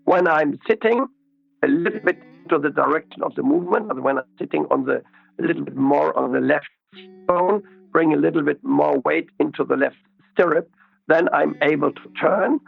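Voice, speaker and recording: A man, a riding expert being interviewed, explaining slowly and methodically and repeating his key words. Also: a little high, creaky, dry recording, phone-quality sound, faint music behind.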